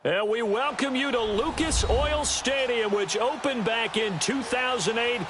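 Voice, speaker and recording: A high-voiced football play-by-play announcer. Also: male voice, a little slow. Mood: urgent. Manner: energetic, rising with the action. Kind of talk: sports play-by-play commentary. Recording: game audio under loud noise.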